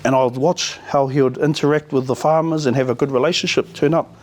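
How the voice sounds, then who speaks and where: A middle-aged man with a New Zealand accent, giving a casual community talk and telling stories in a relaxed, easy way. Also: medium pitch, fairly quick. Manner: relaxed, storytelling with te reo Māori words. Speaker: community speaker.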